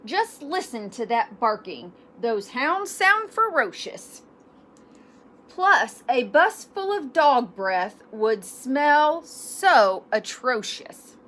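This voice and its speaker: A woman's voice: sits high, sing-song, extremely slow, a bit bright, full character voice. A woman voicing a fussy mother cat who speaks emphatically and dramatically. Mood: emphatic.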